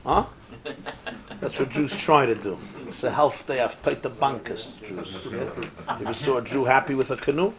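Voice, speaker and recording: A man, a rabbi, teaching a Torah class in a lively, sing-song lecture style, mixing in Hebrew and Yiddish phrases, asking rhetorical questions and cracking jokes. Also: medium pitch, moderate pace, a crowd in the background. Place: synagogue study hall, live class.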